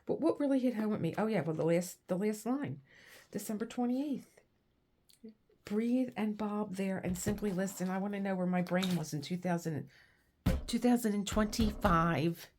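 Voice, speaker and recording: A woman's voice: medium pitch, lively intonation, normal speed, darkish tone, slight background noise. A woman vlogger in casual chat, rambling and laughing as she reads aloud and tells stories. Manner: rambling, chatty, laughs often. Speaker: crafting vlogger.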